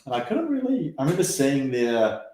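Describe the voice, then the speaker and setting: A man telling stories casually in an interview, relaxed and chatty, with lots of fillers and quoted asides. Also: mid-range voice, a little fast. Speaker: guest rower. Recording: roomy echo.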